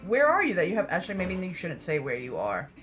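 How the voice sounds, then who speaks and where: A woman's voice: fairly low pitch, wildly swooping pitch, fast talker, over music, poor audio. A woman hosting a casual livestream, answering viewer comments in a candid, blunt way, swearing freely and laughing often. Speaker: livestream host.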